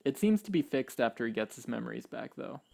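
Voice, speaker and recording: A man's voice: medium pitch, big pitch swings, fast talker, creaky, warm tone. A man co-hosting a podcast, chatting casually in a sarcastic, joking way. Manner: jokey, sarcastic. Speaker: podcast co-host. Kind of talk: casual chat.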